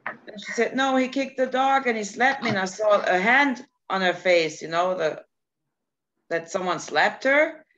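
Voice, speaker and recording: A woman chatting casually, telling a story with lots of laughter and lively acted-out quotes. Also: mid-range voice, measured pace. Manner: animated storytelling, laughs often. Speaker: guest. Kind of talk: casual chat. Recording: dull lo-fi sound, faint noise.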